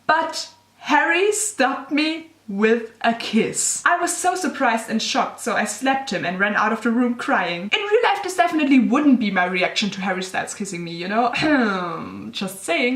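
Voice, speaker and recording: Young woman vlogger, somewhat high voice, dramatic reading with giggly asides, roomy echo. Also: a bit bright. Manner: gushing, giggly, self-mocking. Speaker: YouTuber reading her old fanfiction. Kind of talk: dramatic reading with casual commentary. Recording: echoey room.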